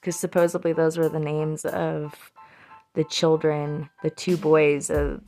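A woman's voice: low-pitched, little pitch movement, measured pace, warm tone, faint music behind. A woman from Colorado casually telling anecdotes from her youth, swearing freely and breaking into laughter between lines. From Colorado, USA. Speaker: storyteller recalling her youth.

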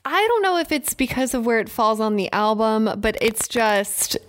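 A woman's voice: on the high side, expressive, normal speed. Blunt woman co-host giving dry opinions. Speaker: podcast co-host. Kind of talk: casual music podcast chat.

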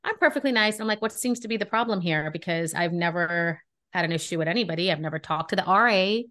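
A Brooklyn woman co-hosting a podcast tells a story in casual conversation, her lowish voice moving fast. She's animated and indignant, acting out the dialogue as she goes.

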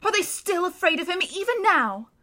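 Woman playing a weeping young girl, high and tearful, bright crying voice, storybook child. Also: sing-song, normal speed, full character voice. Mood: distraught. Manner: tearful, high, distressed cries.

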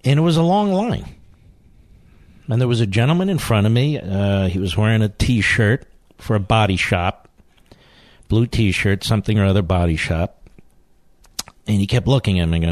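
A man's voice: fairly low pitch, normal speed, pauses often, no echo. A man hosting a political talk radio show, emphatic and indignant, firing rhetorical questions.

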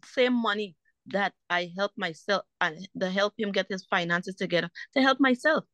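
A woman's voice: mid-range voice, normal speed, a bit bright, no echo. A woman speaks with mounting indignation about her custody fight, circling back to her points again and again. Her voice sits in a middle register and is recorded dry and close. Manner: heated, repetitive, indignant. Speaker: mother in a custody dispute. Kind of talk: emotional personal account.

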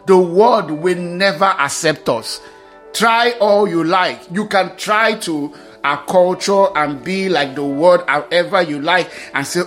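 A man's voice: high voice, unhurried, a bit bright, soft background music. A man preaching a sermon, reading scripture aloud and repeating key phrases with emphasis.

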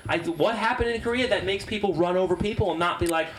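A man's voice: sits high, a loud crowd. A man co-hosting a casual podcast chat, playful and jokey. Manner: playful, jokey, quick to laugh. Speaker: podcast co-host.

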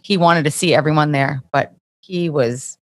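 A female guest speaking in a heartfelt, quiet way in casual conversation. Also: sits low, normal speed.

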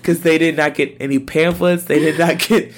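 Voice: mid-range voice, steady tone, normal speed. A podcast co-host recapping a TV episode in casual chat, rambling with lots of "like" and frequent laughs. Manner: rambling, laughs often, fills with "like".

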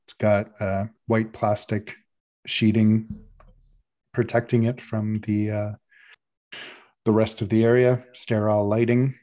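A man's voice: on the low side, level tone, slow pace, long pauses, warm tone. A man narrating a tabletop game as game master, describing scenes at length with frequent fillers.

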